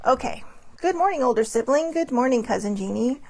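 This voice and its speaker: Woman host, middle-aged, husky voice, gravelly edge, casual and a little scattered. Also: high-pitched, expressive, a little fast, darkish tone. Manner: chatty, scattered, reads passages aloud. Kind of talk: casual live talk show.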